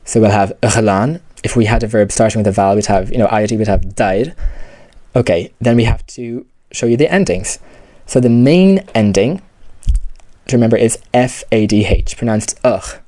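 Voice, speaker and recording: A man's voice: on the low side, normal speed, warm tone, dry recording. A man explaining grammar step by step in a patient lesson, often saying "you know" and "okay". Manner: patient, repeats key terms, many fillers like "you know" and "okay". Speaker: language teacher.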